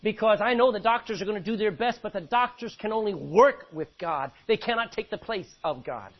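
A man preaching a sermon, swinging between loud emphatic bursts and quiet, low asides. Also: brisk, dull audio. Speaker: pastor.

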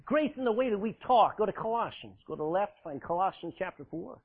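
A man preaching a sermon to a congregation, emphatic and forceful, joking with the listeners in between. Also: high-pitched, animated, fast talker, breathy edge. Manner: forceful, emphatic preaching with sudden loud bursts and dramatic drops; laughs often, jokes with the congregation. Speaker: pastor. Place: church, live congregation. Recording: tinny phone-like sound.

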